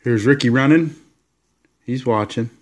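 A man casually showing off his collection of sports cards, rambling along with relaxed, enthusiastic asides. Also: medium pitch, measured pace. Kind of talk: casual card-showing vlog.

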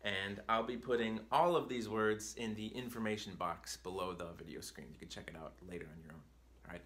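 A man's voice: lowish voice, brisk, a bit bright. A man teaching a video language lesson, explaining patiently and checking in with "right?" as he goes. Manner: reads drill words in a raised, careful voice. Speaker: Chinese teacher.

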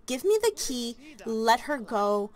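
A woman's voice: on the high side, very animated, slow. A woman voicing a panicked teenage boy who pleads urgently with his mother. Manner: urgent, pleading, filler-heavy.

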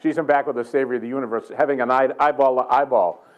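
A man's voice: medium pitch, steady tone, muffled recording. Older Boston man preaching with jokes. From Boston area. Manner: joking, conversational preaching with quick asides. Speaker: guest preacher. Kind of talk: sermon. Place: church sanctuary.

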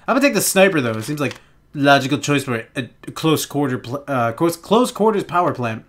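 A young man giving casual let's play commentary, excitable and giggly, with panicky outbursts and a lot of swearing. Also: a little high, brisk. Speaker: gaming channel host.

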